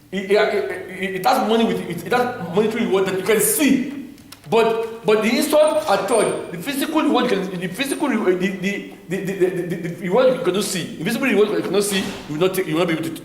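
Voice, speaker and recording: A middle-aged man with a Nigerian accent teaching the Bible in a church, talking haltingly with many repeated words. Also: sits high. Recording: very echoey room, faint noise.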